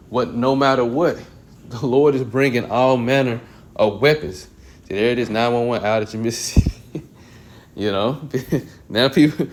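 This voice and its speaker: A man leading a casual Bible study, reading verses at a measured, deliberate pace. Between readings he drops into loose everyday slang to explain what they mean. His voice sits at an ordinary middle pitch. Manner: slow and deliberate when reading scripture. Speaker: Bible teacher. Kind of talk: casual scripture reading and commentary.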